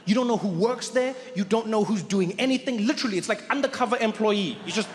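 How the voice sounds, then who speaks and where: A man performing an animated stand-up comedy set who slips into playful voices. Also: high-pitched, quick pace, noisy background. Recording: live hall with loud crowd.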